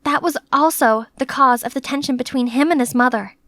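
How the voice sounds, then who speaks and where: A young woman tells her story in first person with a chatty, lively and playfully dramatic delivery. Her voice is high and bright with an edge, recorded close in a dry, dead space. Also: a little fast, dry recording. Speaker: narrator and maid character.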